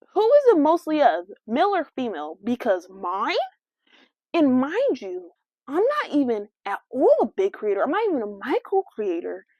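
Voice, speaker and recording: A woman's voice: high-pitched, no echo. Brash, sassy young woman podcaster. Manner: brash, sassy, slangy and animated. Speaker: podcast host. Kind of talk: casual solo podcast rant. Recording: dry, dull lo-fi sound.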